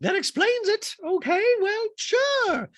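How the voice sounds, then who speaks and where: A shrill, prim society woman, as a man puts her on. Her voice sits extremely high and comes out loud and clipped. The parody is dry and close to the mic. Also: very animated, takes it slowly, no room sound, heavily acted.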